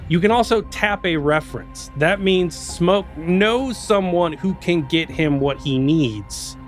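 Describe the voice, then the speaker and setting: Laid-back game master explaining rules. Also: male voice, high-pitched, takes it slowly, soft background music. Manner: explanatory, relaxed, laughs often. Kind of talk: running a tabletop game.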